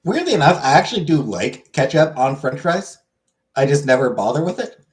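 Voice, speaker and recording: A man's voice: on the high side, sing-song, a little fast. Rambling man chatting casually. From Canada, born in Ontario. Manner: rambling, chatty, many fillers. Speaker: livestreamer reading chat. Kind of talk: casual chat.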